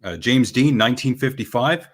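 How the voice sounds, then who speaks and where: A man co-hosting a podcast, chatting casually in a calm, dry, measured way. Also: mid-range voice. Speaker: podcast co-host. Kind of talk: casual chat.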